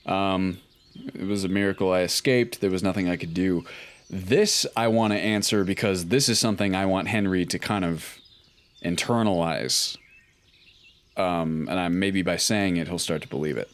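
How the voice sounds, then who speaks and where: A man commenting casually on a video game playthrough, relaxed and thinking aloud with frequent ums. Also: deep voice, moderate pace. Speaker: gaming YouTuber. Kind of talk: let's play commentary.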